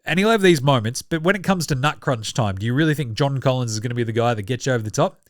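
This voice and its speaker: A man's voice: medium pitch, animated, fast talker, no echo, clean studio sound. Sarcastic, sweary Australian man. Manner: sweary, sarcastic, mocking impressions of others. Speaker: basketball podcast host. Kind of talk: casual sports commentary.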